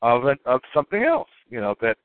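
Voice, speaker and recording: Talking quickly in a mid-range voice, a crypto token promoter launches into a rambling, animated monologue, jumping up in pitch for emphasis and mimicking others' reactions. The recording is dry and tinny, phone-like, with no sense of a room.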